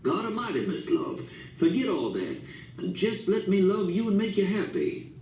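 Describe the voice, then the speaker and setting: A man's voice: medium pitch, lively intonation, moderate pace, mellow, lightly acted. A man voicing a stubborn old storekeeper who talks bluntly in folksy dialect. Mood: exasperated. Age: older. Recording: echoey room, distant mic, faint hiss.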